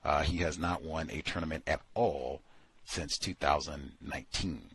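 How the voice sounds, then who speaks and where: Low husky-voiced man, blunt and dismissive. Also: fairly bright tone, no echo. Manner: blunt, dismissive, repeats points. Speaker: radio show host. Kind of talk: casual critical commentary.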